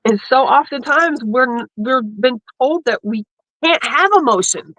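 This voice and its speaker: Woman host, higher voice, dry close sound, emotional and teary in casual talk. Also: lively intonation, unhurried, fairly bright tone, no room sound, low-quality recording. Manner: emotional, tearful and laughing. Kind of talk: casual panel chat.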